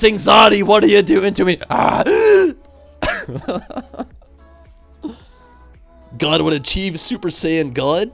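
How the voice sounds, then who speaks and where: A man streaming games, chatting casually and telling rambling, animated stories full of fillers. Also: high-pitched, slow, gravelly, pauses often, soft background music. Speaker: game streamer. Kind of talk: casual chat while streaming.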